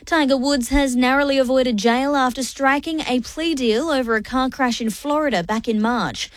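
A woman presenting scripted radio news bulletins in a brisk, even newsreader delivery. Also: sits high, dry recording, studio quality.

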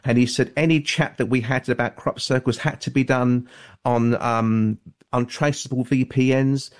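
A man talks as a guest author on a call-in radio show. He speaks in a measured, careful way, hedging often and filling pauses with ums and uhs. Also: mid-range voice, fairly even intonation, clear, resonant tone. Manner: measured, hedging, many fillers.

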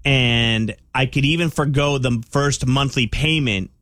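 Animated radio host, dry studio sound. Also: male voice, mid-range voice, a little slow, no echo. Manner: animated, mock-panicked, jokey. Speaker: radio morning show host. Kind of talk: casual radio storytelling.

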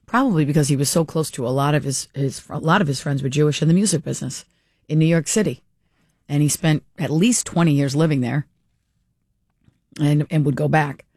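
A woman with a low-pitched, slightly mellow voice hosts talk radio, speaking a little fast as she reads listener texts and answers them bluntly and opinionatedly. The clean studio recording has no room sound.

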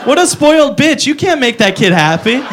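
A man's voice: extremely high pitch, sing-song, moderate pace, noisy background. A man doing a stand-up comedy routine, ranting in a profane, incredulous way and slipping into goofy voices.

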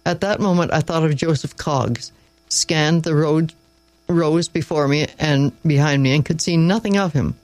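A man narrating an audiobook in a measured, wry storytelling manner, close to the mic. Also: fairly high pitch, a little mellow, no echo, soft background music, low-quality recording. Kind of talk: scripted narration.

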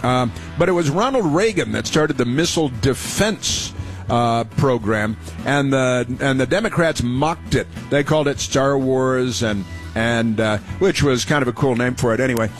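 A man's voice: mid-range voice, moderate pace, soft background music. A middle-aged man hosting a call-in radio talk show, rambling and chatty with many restarts and fillers.

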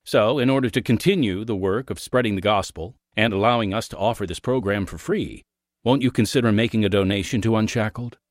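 A man's voice: lowish voice, fairly quick, no room sound, clean studio sound. A man reading an earnest, scripted donation appeal as a ministry announcer.

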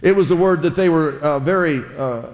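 A man's voice: a little high, brisk. A man preaching a sermon, teaching his congregation and calling on them to repeat words after him. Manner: teaching, engages congregation with call-and-response; many fillers and restarts, emphatic rises. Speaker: pastor. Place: church sanctuary. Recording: long reverb of a hall.

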